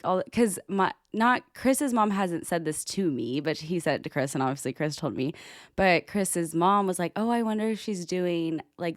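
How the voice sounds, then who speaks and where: A young woman with a very low voice, chatting easily on a podcast. She fills her talk with "like" and slips into little impressions of the people she quotes. The recording is dry and close, with no room sound. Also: dry recording. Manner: chatty, heavy use of "like", acts out quoted conversations. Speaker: podcast co-host. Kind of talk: casual chat.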